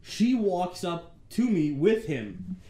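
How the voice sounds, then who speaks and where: A lively young man on a casual podcast, his fairly high voice swinging up and down as he acts out each part of his story. He swears freely and keeps the tale moving. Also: takes it slowly. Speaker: podcast co-host.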